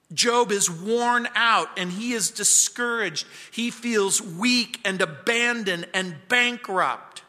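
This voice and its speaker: A pastor teaching verse by verse through a Bible book, earnest, sometimes dropping his voice to a hush. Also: sits high. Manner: earnest, drops to a hushed voice at times. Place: church sanctuary. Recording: church hall reverb.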